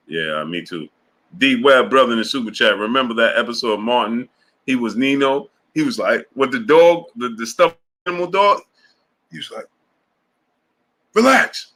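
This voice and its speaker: A casual boxing streamer reads the chat aloud, laughing heavily, stretching his exclamations and doing playful voices when quoting lines. His pitch is fairly low and his tone fairly bright.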